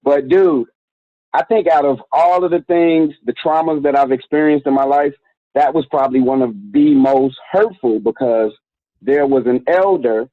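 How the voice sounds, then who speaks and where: A man in his forties, director of a youth organization, is a guest in an interview, telling a story in a frank, casual, slang-filled way. He has a mid-range voice at normal speed, and the recording is dry and tinny like a phone, without echo.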